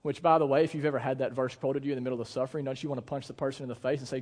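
A man's voice: mid-range voice, fairly even intonation, very fast, a little mellow, long reverb tail. An American man, a pastor, giving a sermon in a casual, conversational way with lots of fillers. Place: church auditorium.

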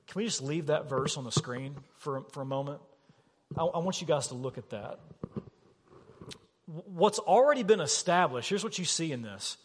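High-voiced pastor preaching with emphasis. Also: male voice, normal speed, breathy edge. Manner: animated, emphatic, rhetorical questions. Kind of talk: sermon. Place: church sanctuary. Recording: long reverb of a church hall.

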